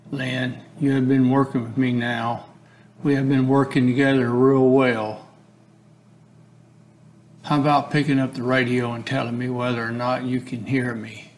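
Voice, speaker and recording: A man reading as a patient, gravelly police negotiator. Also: mid-range voice, slight background noise, close to an everyday voice. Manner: steady, repetitive coaxing reading. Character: male police negotiator, patient, persistent, pleading. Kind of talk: reading a case transcript aloud.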